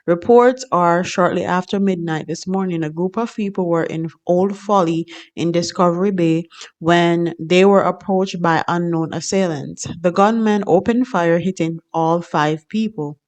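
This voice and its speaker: A woman vlogger reading a crime report with steady, measured delivery, then signing off casually. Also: lowish voice. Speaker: news vlogger.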